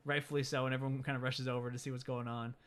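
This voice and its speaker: A young man, a podcast co-host, casually retelling a movie scene by scene with lively quoted voices. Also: mid-range voice, rapid-fire, clean tone. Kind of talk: casual movie recap chat.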